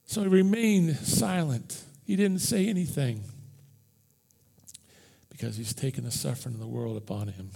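Impassioned gravelly-voiced pastor in a reverberant hall. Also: male voice, medium pitch, normal speed. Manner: impassioned, conversational, swings from loud to hushed. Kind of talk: Easter sermon. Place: church.

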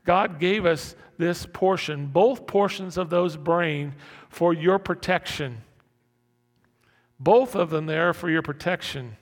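A pastor preaches a conversational sermon in a fairly high voice at a slow pace, with long hall reverb on the recording. He repeats and restarts his words and acts out panicked inner voices.

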